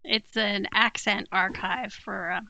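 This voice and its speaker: A woman's voice: medium pitch, steady tone, slow, gravelly, sharp tone, no room sound, lo-fi sound. A woman co-hosting a podcast who chats casually, giggly and hesitant, often searching for her words. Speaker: podcast co-host. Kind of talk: casual chat.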